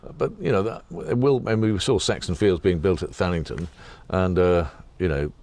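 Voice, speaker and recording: A man's voice: sits low, moderate pace, darkish tone. A man who guides ghost tours, telling rambling local history anecdotes in a casual interview. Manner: rambling anecdotal storyteller, chatty with asides. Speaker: ghost tour guide and author.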